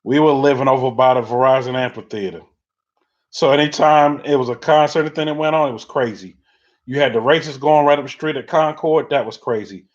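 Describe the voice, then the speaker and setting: A man's voice: medium pitch, fairly quick. A middle-aged man hosting a livestream, telling loose, rambling stories in casual chat while answering viewer comments. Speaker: livestream host. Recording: dull lo-fi audio.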